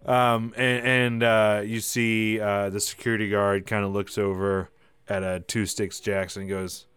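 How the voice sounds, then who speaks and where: Rambling game master, low smooth voice. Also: male voice, flat delivery, measured pace, fairly bright tone, no echo. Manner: casual, rambling, many fillers. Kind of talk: narrating a live tabletop game.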